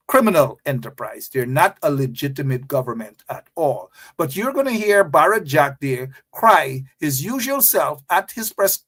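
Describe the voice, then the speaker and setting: A man's voice: fairly high pitch, fairly bright tone, slightly rough. A man hosting a political commentary show, reading out a news item and then railing against it with indignant, mocking repetition.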